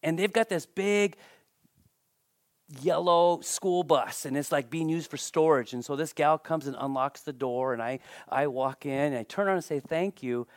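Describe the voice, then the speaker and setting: A man preaching a sermon, telling a personal story in an animated, emphatic way. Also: on the high side, normal speed, no room sound, studio quality.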